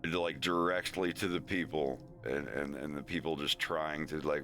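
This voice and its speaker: A man's voice: a bass voice, moderate pace, hardly any pauses. A man streamer telling a story in casual, rambling live-stream chat. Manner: rambling, laughing, animated.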